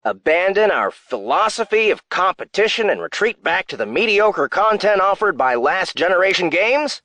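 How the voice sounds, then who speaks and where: A woman narrator drops her voice low to play a condescending male CEO in an audiobook. He sneers and talks down with a dry sarcasm. His pitch still rises and falls a lot. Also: sing-song, normal speed, bright, forceful tone, no echo, full character voice. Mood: dismissive. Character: smug, dismissive male company CEO.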